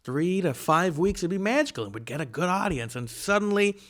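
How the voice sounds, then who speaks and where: A man's voice: sits high, big pitch swings, brisk, fairly bright tone. A comedian guest in a casual podcast talk, wryly telling stories and acting out the people he quotes. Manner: wry storytelling, acting out quoted voices.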